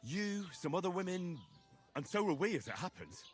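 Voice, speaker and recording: An earnest young peasant hero, video game, polite, insistent, lively higher voice. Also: male voice, moderate pace, soft background music.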